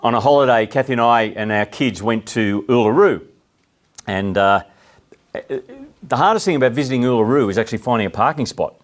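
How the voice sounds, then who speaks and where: A man's voice: mid-range voice, lively intonation, a little fast. Conversational Australian man giving a talk. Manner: conversational, asks the audience questions. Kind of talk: talk to a live audience.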